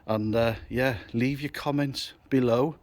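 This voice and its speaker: A British man speaking at an ordinary middle pitch as he hosts a casual building-site vlog. His talk is jokey, teasing and chatty, like a tradesman filming on his own phone. It is recorded outdoors in a garden work site. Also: fairly even intonation, a little slow. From United Kingdom. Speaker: builder and landscaper, channel host. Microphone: phone camera held by the speaker.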